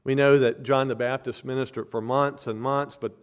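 A man's voice: medium pitch, steady tone, moderate pace, clear, resonant tone. A man preaching an expository sermon as a pastor, earnest and emphatic, hammering home points with repeated phrases.

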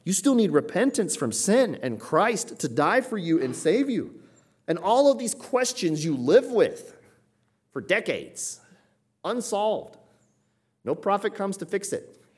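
A man preaching an expository sermon, building to emphatic peaks and then dropping low and quiet. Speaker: pastor.

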